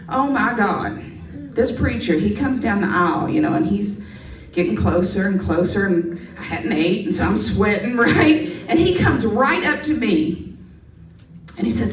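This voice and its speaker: A woman performing a stand-up comedy set on a club stage, telling stories with lively asides to the crowd. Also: on the high side. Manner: animated storytelling with playful asides to the crowd. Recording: roomy club sound from a distance.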